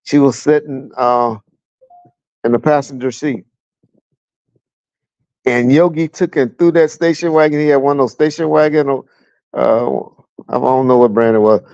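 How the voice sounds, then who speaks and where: A man's voice: medium pitch, normal speed, long pauses, darkish tone, dry recording, muffled recording. A middle-aged man from Southern California, a guest telling blunt, profane stories about his police years in a casual livestream chat, chuckling as he goes. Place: at home with a fan running.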